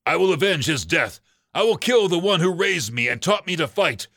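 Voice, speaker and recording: A man's voice: fairly high pitch, sing-song, normal speed, a bit bright, dry recording, voice pushed up, exaggerated voice. A man voicing a resolute young male fox warrior who vows revenge, read in a storybook. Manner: firm, defiant declarations.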